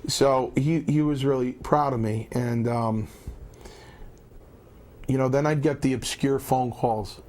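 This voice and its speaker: Middle-aged male guest with a mid-range voice, anecdotal and animated, restarts his sentences. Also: mid-range voice, takes it slowly, long pauses. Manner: animated storyteller with frequent restarts. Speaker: guest, former wrestler turned lawyer. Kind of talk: casual anecdote.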